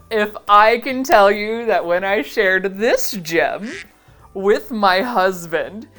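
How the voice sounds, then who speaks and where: A woman's voice: medium pitch, a bit bright. A young adult woman giving a casual, sarcastic reaction commentary as a vintage seller vlogger. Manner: playful, sarcastic asides.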